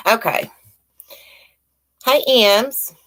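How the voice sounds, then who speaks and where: Speaking extremely slowly, a middle-aged woman from Virginia runs a relaxed live chat, welcoming viewers by name as she rambles on. Her pitch sits fairly high and her tone is sharp.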